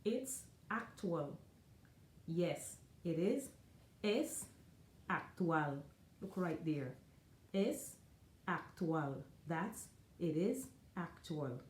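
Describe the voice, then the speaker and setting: A woman who teaches Spanish, giving a careful online lesson and repeating each word slowly for the learner. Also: on the low side, animated, a little mellow, echoey room. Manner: slow, careful, encouraging, repeats words.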